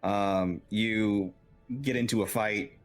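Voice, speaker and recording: A man's voice: fairly low pitch, steady tone, takes it slowly, soft background music. A young man narrating as game master, loose and casual, often laughing and swearing.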